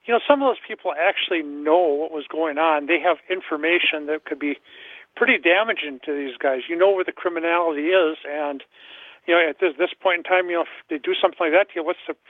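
A man's voice: a little high, fast talker, no room sound. A man calling in to a talk radio show, rambling and hesitant, with many fillers. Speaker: caller. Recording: tinny phone line.

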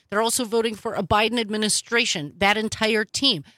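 A woman hosting political talk radio, sarcastic and animated, with quick asides. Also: mid-range voice, no echo. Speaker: radio talk show host.

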